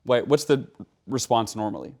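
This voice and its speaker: A middle-aged man, a keynote speaker, talking in an interview in an animated, emphatic way. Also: medium pitch, moderate pace. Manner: animated, emphatic, frequent "right?". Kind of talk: conversational interview talk.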